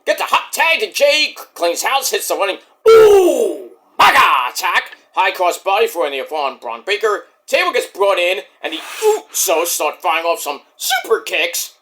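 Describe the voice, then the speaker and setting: A man recaps a wrestling show in casual, excitable talk that is full of swearing. His voice sits high and bright. His pitch swings widely as he gets carried away. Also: moderate pace, few pauses. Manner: animated, swearing, acts out voices. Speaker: wrestling reviewer.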